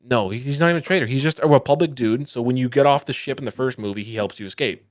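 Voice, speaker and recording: A man co-hosting a casual podcast, ranting in profane, animated bursts. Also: medium pitch, quick pace, no echo, clean studio sound. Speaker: podcast co-host.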